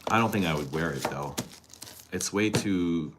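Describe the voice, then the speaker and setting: A man with a very low voice talks casually to his live-stream viewers. He is chatty and teasing and answers them directly. A clear hiss of noise sits under the recording. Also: animated, moderate pace. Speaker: fragrance streamer.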